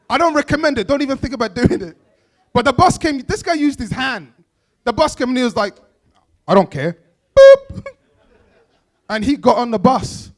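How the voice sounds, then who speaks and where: A man doing a stand-up comedy set, telling animated stories and acting out characters. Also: extremely high pitch. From Bangladesh. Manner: animated storytelling, acts out characters, laughs often. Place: event stage.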